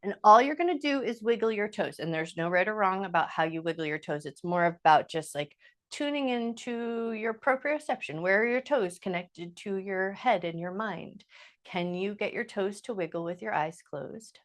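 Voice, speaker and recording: Woman yoga teacher, mid-range voice, soft and easygoing as she talks a class through chair stretches. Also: mid-range voice, moderate pace. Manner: calm, gentle step-by-step cueing; casual, with fillers like "like" and "just". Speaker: yoga instructor.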